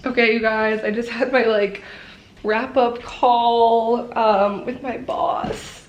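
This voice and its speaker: A young woman in her twenties chats to her camera in a loose, rambling vlog style, laughing easily between thoughts. Her voice sits a little on the high side. The recording is roomy and echoey, with a faint hum of ambience behind her. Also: measured pace. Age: 20s. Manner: chatty, rambling, often laughing. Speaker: lifestyle vlogger. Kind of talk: casual vlog talk to camera. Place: apartment and city streets.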